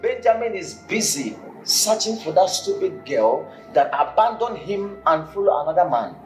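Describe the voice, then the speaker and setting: A man's voice: sits high, normal speed, a little hiss or hum. An actor playing a blunt, scolding male friend in a film drama, speaking with a Nigerian accent and slipping into pidgin. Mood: gossiping. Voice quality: lively, exclaiming, mixes in pidgin. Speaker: Benjamin's friend. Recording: echoey room, faint music.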